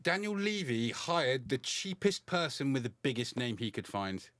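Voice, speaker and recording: A man co-hosts a casual football talk show and gives blunt opinions in a measured way. His voice has a middling pitch. It is recorded dry and close. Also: big pitch swings, fairly bright tone, no room sound. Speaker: co-host.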